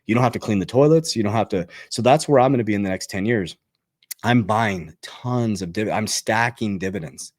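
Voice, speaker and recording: A man's voice: lowish voice, a little fast, dry recording, clean studio sound. A man talking as a finance coach in an emphatic motivational monologue, repeating his key phrases and getting fired up.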